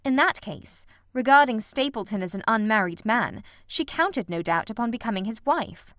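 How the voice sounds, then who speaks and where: A woman's voice: on the high side, expressive, moderate pace, a bit bright, dry recording, studio quality. A woman reading the part of a cool, commanding male detective in an audiobook, with clipped, authoritative speech. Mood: calm reasoning.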